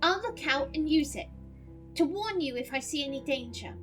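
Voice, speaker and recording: A woman's voice: high-pitched, expressive, normal speed, fairly bright tone. A woman reading a seven-year-old girl's lines in a childlike, petulant voice over faint game music. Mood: eager. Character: seven-year-old girl, upset and sulky.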